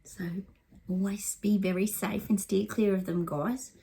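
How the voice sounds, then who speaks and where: A woman's voice: medium pitch, steady tone, measured pace, vocal fry, warm tone, breathy edge. A woman giving a rambling psychic reading to camera, with lots of ums and restarts.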